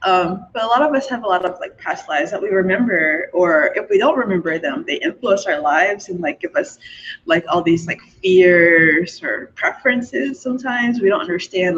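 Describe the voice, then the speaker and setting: A woman's voice: mid-range voice, lively intonation, normal speed, fairly bright tone. A young woman in casual chat, giggling often and filling her talk with fillers. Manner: chatty, many fillers, frequent giggles. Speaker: forum host sharing spiritual beliefs. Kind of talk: casual monologue. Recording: dull lo-fi recording.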